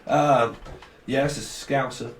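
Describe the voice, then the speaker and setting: A man's voice: mid-range voice, a little slow. A man giving a casual, rambling tarot reading full of jokes. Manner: rambling, joking, laughs often. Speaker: tarot reader. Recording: roomy, distant mic.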